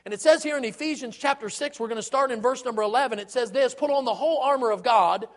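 A man's voice: extremely high pitch, fast talker. A man preaching a sermon as a pastor, earnest, with rhetorical questions and repetition.

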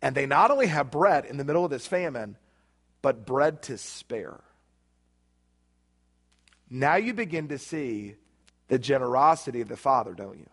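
A man's voice: medium pitch, sing-song, normal speed, long pauses, a bit bright. A man preaching a sermon, emphatic, acting out quoted prayers in a rising voice. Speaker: pastor.

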